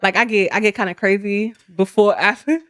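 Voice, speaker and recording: A woman's voice: medium pitch, steady tone, fairly quick, a bit bright, dry recording, clean studio sound. A woman in her thirties co-hosting a podcast, talking candidly and expressively with frequent laughter and casual slang. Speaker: podcast co-host.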